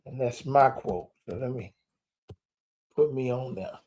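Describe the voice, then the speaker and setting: A man's voice: mid-range voice, unhurried, darkish tone, a little hiss or hum. A man preaching live from a hotel room, stretching key words for emphasis and dropping folksy asides. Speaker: preacher and podcast host. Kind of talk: live-streamed sermon. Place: hotel room while traveling.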